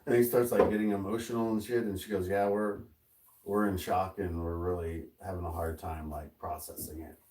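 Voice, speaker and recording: A middle-aged male podcast host with a fairly low voice, telling a story with lively energy and slipping into the voices of the people in it. He sits a little away from the mic, so the sound is distant and roomy. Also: brisk.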